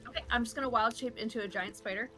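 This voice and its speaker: A woman playing a tabletop game, asking the game master quick questions. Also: a little high, pushed and bright, faint music behind. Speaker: player.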